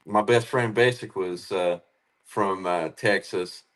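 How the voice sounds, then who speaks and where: A man's voice: low voice, slow pace. A man from Tennessee in casual chat, joking and swearing freely.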